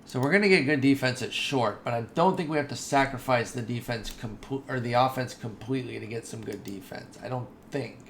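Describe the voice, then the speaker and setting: Guy with a gravelly fry doing chill gameplay commentary, mid pitch, faint hiss behind, gets worked up easy. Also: fairly quick, hardly any pauses. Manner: chatty and excitable, says dude and y'all. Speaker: gaming video host.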